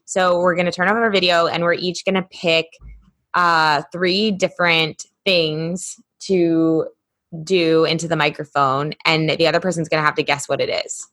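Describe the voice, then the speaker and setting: Brief woman podcast co-host, lowish pitch, rambling chatty storyteller on a call mic. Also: little pitch movement, moderate pace, fairly bright tone. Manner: chatty storyteller, many fillers. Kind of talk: casual chat. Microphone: remote call microphone.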